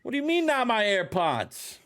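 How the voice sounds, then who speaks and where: A man's voice: sits high, huge pitch swings, normal speed, fairly bright tone, slight background noise, pitched above the performer's own voice, full character voice. A man voicing a defiant, boastful male wrestling champion.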